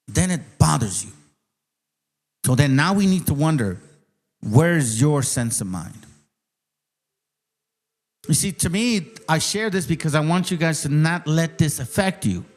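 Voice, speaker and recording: Heated, profane man ranting at viewers. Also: fairly high pitch. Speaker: channel host. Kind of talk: ranting commentary on a clip.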